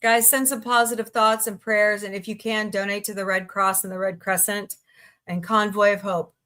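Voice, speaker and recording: Reading headlines and greeting viewers on a casual US live chat, the woman host reacts aloud while scrolling, chatty and quick to laugh. Her mid-range voice has a sharp tone, little pitch movement and a moderate pace.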